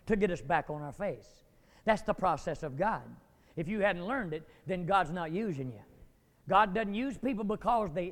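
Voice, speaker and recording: A man preaching a dramatic sermon, acting out biblical figures and climbing to near shouts. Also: high-pitched. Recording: long hall reverb.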